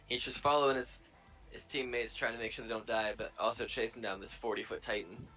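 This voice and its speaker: A man's voice: mid-range voice, fairly even intonation, a little fast, bright, forceful tone, soft background music, poor audio. A man playing a tabletop game, thinking aloud as he plans his moves. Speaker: player. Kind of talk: casual tabletop play.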